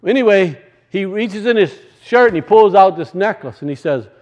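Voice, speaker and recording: A man preaching a sermon and telling a personal story, swinging from loud bursts to hushed, quiet lines. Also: high-pitched, moderate pace. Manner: rises loud then drops to hushed, storytelling.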